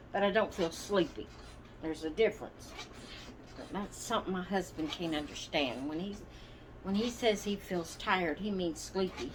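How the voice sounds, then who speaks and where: Sitting in her rocking chair at home, a woman with a lowish voice and fairly bright tone hosts her doll channel. She chats casually with viewers in a slow, rambling, apologetic way, often hesitating to find words, against slight background noise.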